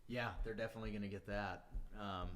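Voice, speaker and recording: A man's voice: lowish voice, fairly even intonation, quick pace, a bit bright, a little hiss or hum. A man hosting a podcast interview, laid-back and casual, mostly brief affirmations and questions. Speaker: podcast host.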